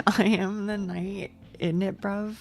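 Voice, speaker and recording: A woman's voice: flat delivery, drawn-out words, faint music behind. A woman putting on a joking British-accented Batman impression with slang tags. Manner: goofy, lower-voiced bit with cockney slang.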